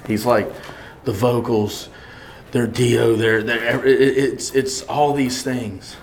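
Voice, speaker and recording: A man, a singer telling lively anecdotes in an interview, acting out the voices of the people he quotes and laughing often. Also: mid-range voice, slow pace, a little hiss or hum. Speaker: singer and bandleader. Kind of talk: animated storytelling in an interview.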